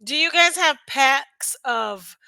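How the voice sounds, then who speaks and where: A woman's voice: high voice, expressive, slow pace, vocal fry, crowd noise, low-quality recording. A woman chatting casually to her viewers as she reacts to a video, laughing between her remarks. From northern United States. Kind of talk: casual chat to camera.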